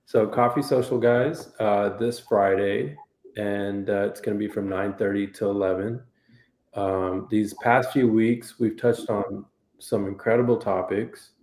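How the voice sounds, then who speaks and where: A man's voice: on the low side, fairly even intonation, unhurried, darkish tone. A man hosting a casual livestream chat, easygoing and rambling, with a lot of fillers. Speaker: host. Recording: echoey room.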